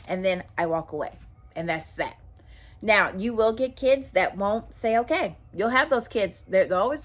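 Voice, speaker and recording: A woman's voice: medium pitch, a bit bright. A teacher giving casual, emphatic classroom advice to other teachers and repeating her points. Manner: emphatic, repeats herself, talks straight to viewers.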